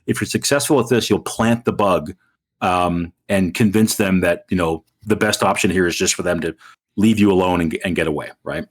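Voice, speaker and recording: A man's voice: low-pitched, normal speed, breathy edge. A man narrating as game master in a loose, filler-heavy way. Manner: relaxed, wordy, with many fillers.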